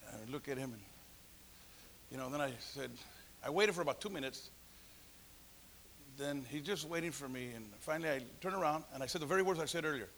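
A man tells his testimony as a sermon, playing out each person in his story and climbing to shouts. His voice sits high and sounds gravelly. It also has a bright, husky edge. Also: animated, fairly quick, long pauses, a little hiss or hum. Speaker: preacher giving testimony.

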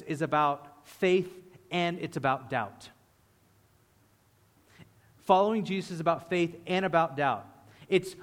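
A man's voice: on the high side, big-room sound. A man preaching a sermon with passion, acting out the voices of people praying. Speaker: pastor.

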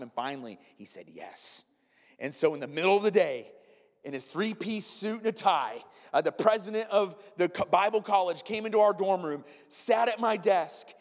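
A man in his forties preaching a conversational, animated sermon to his congregation. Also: sits high. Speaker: pastor. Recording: long reverb of a large hall.

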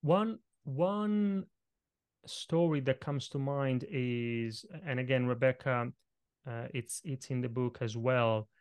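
A man who is not a native English speaker, a presentation coach guesting on a podcast, talking with lively, shifting emphasis. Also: mid-range voice, takes it slowly, smooth, dry recording. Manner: energetic, varied emphasis, punches and stretches words. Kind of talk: podcast interview, explaining tips.

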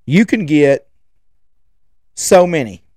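A man's voice: a little high, lively intonation, takes it slowly, a little mellow, no echo, clean studio sound. A man, hosting a podcast and telling rambling, chatty stories. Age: 40s. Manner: rambling, chatty, restarts and trails off. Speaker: podcast host. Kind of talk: casual rambling storytelling.

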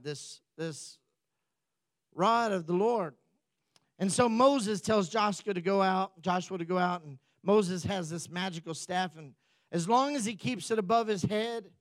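A pastor delivering a sermon, a man who tells the story with easy jokes and asides. His voice sits high for a man. The sound is dry, with little room around it. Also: no echo. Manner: joking, conversational storytelling.

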